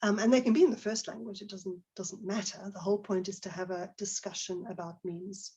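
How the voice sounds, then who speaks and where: A husky, slightly breathy woman speaking into a computer mic on a video call. She is middle-aged and presents to teachers in a relaxed, conversational way. She throws questions to her audience. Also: mid-range voice, brisk. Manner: conversational, with many fillers and restarts, asks the audience questions. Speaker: teacher trainer giving a webinar talk.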